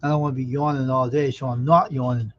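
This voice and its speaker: A man's voice: mid-range voice, fairly even intonation, quick pace. A man hosting a casual live stream from home, chatting with viewers, greeting them by name and grumbling and cursing at his earbuds and phone. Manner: grumbling, curses at his gear. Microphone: earbuds linked to phone. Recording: dull lo-fi stream audio.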